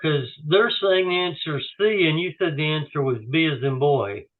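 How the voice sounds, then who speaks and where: A man's voice: a little high, normal speed. Man asking questions over a tinny line. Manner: polite, brief questions. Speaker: class participant.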